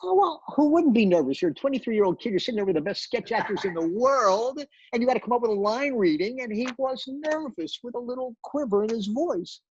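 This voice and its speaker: A man's voice: very high voice, lively intonation, a little fast, hardly any pauses, highs cut off, a little hiss or hum. An older man, a television director, telling behind-the-scenes stories in an interview, full of restarts and repeated words. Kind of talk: storytelling interview.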